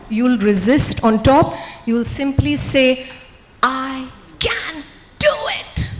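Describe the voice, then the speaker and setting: A woman giving an energetic motivational stage talk, coaxing volunteers and the audience. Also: on the high side, long reverb tail, low-quality recording. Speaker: motivational speaker.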